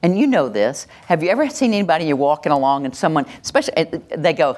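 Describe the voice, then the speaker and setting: Workshop presenter, woman, deep-set voice, lively and playful delivery. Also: fast. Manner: animated, acts out little scenes and laughs along. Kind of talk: live teaching talk to an audience.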